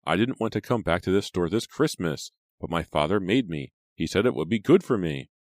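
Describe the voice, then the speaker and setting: A man's voice: low voice, lively intonation, a little fast, darkish tone, no echo, clean studio sound, voice pushed up. A man reading an audiobook, voicing a rude, scornful teenage girl who works a shop counter and talks in sarcastic, dismissive lines.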